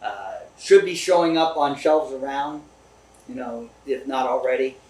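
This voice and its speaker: A man's voice: mid-range voice, measured pace, darkish tone. A man talking as a distiller guest in a casual chat, easygoing and agreeable, recorded at a distillery. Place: distillery room. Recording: roomy, distant mic.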